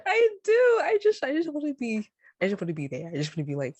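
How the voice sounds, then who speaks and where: A woman's voice: huge pitch swings, fast talker, darkish tone, no echo. A woman co-hosting a casual podcast, playful and giggly as she talks. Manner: playful and giggly, swooping pitch. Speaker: podcast co-host. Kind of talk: casual chat.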